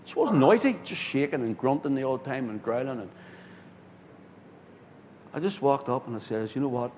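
A man, a pastor telling a story in a sermon, swinging from loud, excited bursts to hushed tones. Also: normal speed. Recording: hall reverb with faint rumble.

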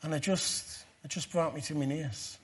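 A middle-aged man giving a testimony sermon, moving from quiet storytelling to loud, fervent preaching. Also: a little high, steady tone, moderate pace, slightly rough.

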